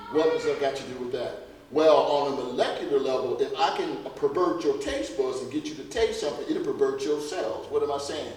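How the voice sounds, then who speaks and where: A man gives a health talk in a church hall, his fairly high voice bouncing around the room from a distance. He is folksy and emphatic and keeps throwing rhetorical questions at the audience. There is a faint hum of room noise behind him. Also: a little mellow. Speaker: health lecturer. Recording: echoey hall recorded from far off.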